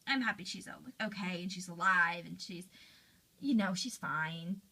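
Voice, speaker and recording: A woman voicing a hesitant teenage girl who speaks softly with many pauses and "um"s. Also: fairly low pitch, pitched below the performer's own voice, full character voice, low-quality recording. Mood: uncertain. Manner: hesitant, soft, with fillers. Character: hesitant, relieved teen girl Aria.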